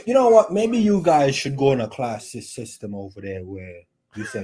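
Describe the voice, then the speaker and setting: A man co-hosts a relaxed football chat. He tells stories in a playful, slangy way and slips into voices for the people he quotes. His pitch sits in the middle range for a man. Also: moderate pace. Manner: playful storyteller, acts out quotes. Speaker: co-host.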